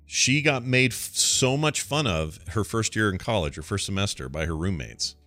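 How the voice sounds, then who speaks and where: A man co-hosting a casual podcast, telling rambling stories in a lively, animated way. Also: fairly low pitch, moderate pace, dry recording. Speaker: podcast co-host. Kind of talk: casual chat.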